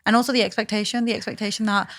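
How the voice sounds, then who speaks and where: A woman's voice: mid-range voice, level tone, very fast, fairly bright tone, no room sound, clean studio sound. A woman in supportive podcast conversation, reflecting back and asking probing questions.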